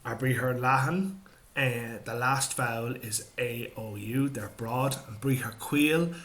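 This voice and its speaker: A man with an Irish accent teaching grammar, calmly drilling verb forms in careful repetitions. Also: medium pitch, slow. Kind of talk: instructional explanation.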